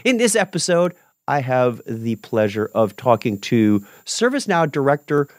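A man hosting a developer podcast, upbeat and animated, moving from a scripted opening into relaxed chat with guests. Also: mid-range voice, moderate pace, dry recording, studio quality. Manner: upbeat, animated, self-correcting. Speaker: podcast host.

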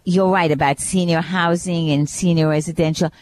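A woman from Brooklyn co-hosting a radio talk show, asking callers clear, encouraging questions. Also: on the low side, steady tone, normal speed, darkish tone. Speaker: co-host.

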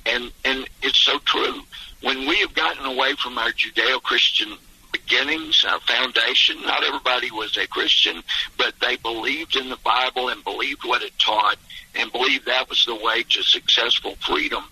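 A man's voice: mid-range voice, normal speed, bright, forceful tone, slightly rough, poor audio. A man phoning in as a congressman guest on a radio interview, telling emphatic stories with chuckles.

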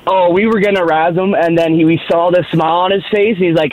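A man's voice: on the high side, fast talker, darkish tone, lo-fi sound. A man calling in to a radio show, telling a story and acting out the quotes. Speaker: caller. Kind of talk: phoned-in storytelling.

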